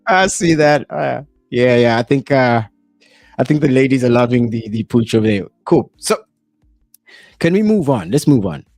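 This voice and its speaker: A man's voice: mid-range voice, expressive, moderate pace, creaky, darkish tone, no room sound, clean studio sound, soft background music. A man hosting a casual chat, joking and rambling with many restarts. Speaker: host.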